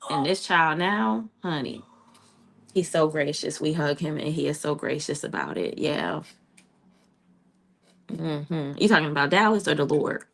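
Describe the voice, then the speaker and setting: A middle-aged woman speaks in a low voice. She chats with her livestream audience in a casual, familiar way. She calls them "child" and "honey.". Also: very animated, unhurried, gravelly, pauses often, a bit bright. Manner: chatty, talks to viewers, says "child" and "honey". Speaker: livestream host.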